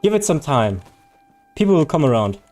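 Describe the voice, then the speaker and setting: A man's voice: on the high side, sing-song, moderate pace, a little mellow, soft background music. A man chatting casually on a live game stream, reading viewer chat, joking and laughing often.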